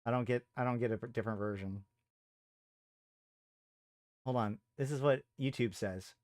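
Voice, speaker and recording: A man's voice: medium pitch, moderate pace, a little mellow, no room sound, studio quality. A man hosting a live stream, thinking aloud in a casual chat with frequent trailing off and restarts. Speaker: streamer host.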